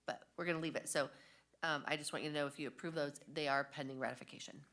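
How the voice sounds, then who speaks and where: A woman staff member at a school board meeting, explaining agenda corrections in a conversational way and slowing down on item numbers. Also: sits low, fairly even intonation, a bit bright. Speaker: district staff member reporting agenda changes.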